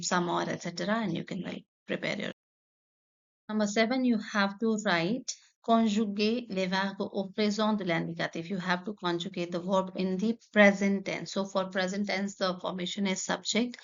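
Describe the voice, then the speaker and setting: A woman's voice: fairly low pitch, creaky. A woman, a French teacher explaining a textbook lesson step by step, reading French phrases and then translating them. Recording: dull lo-fi sound.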